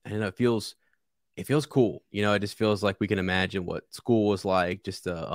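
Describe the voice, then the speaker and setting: A man's voice: low-pitched, dry recording, clean studio sound. A man co-hosting a casual podcast about a book, enthusiastic and rambling with many restarts. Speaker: podcast co-host.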